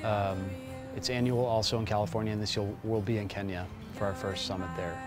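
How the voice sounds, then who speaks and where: A man's voice: lowish voice, little pitch movement, fairly quick. A man explaining the program he organizes in an upbeat, emphatic way. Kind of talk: promotional interview. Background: music.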